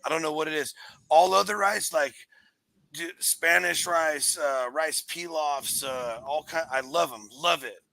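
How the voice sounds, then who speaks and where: A man with a bright, gravelly voice and a fairly high pitch, talking in a loose, rambling way as he hosts a casual chat. The sound is dry and close, with no room around it. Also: measured pace, dry recording, low-quality recording. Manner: rambling, animated storyteller. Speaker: show host reading live chat.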